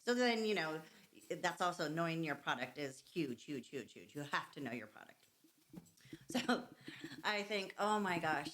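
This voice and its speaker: A woman telling a restaurant story in casual chat, playful and lively, sometimes acting out what she said. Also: deep voice, moderate pace, slight background noise. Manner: lively, playful, mock-formal quoting. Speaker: server sharing work stories.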